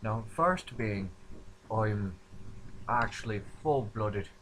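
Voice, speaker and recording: A man's voice: lowish voice, lively intonation, slow pace, a bit bright, a little hiss or hum, poor audio. A man from upstate New York talking in an imitated Scottish accent, rambling through a casual, self-deprecating introduction of himself. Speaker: vlogger.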